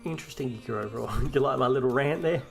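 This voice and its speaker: A man's voice: medium pitch, fast, vocal fry, soft background music. An Australian man hosting a fantasy football live stream, chatting casually and ranting and swearing, with frequent restarts.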